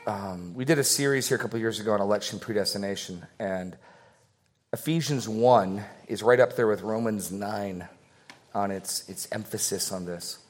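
A man teaching a Bible passage to his congregation in a conversational way, thinking aloud with fillers and slowing down to stress the verses he reads. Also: lowish voice. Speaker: pastor.

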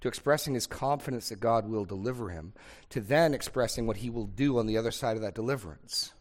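A man's voice: medium pitch, quick pace. A man leading a Bible discussion as pastor, speaking earnestly, thinking aloud with small restarts and building points through rhythmic repetition. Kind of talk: unscripted teaching in a sermon discussion.

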